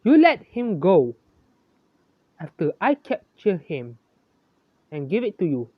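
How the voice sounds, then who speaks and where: Narrator putting on a blunt, casual teen boy with skeleton powers for a fan story, slow and lively, dull dry lo-fi sound. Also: medium pitch, dry recording. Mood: scolding.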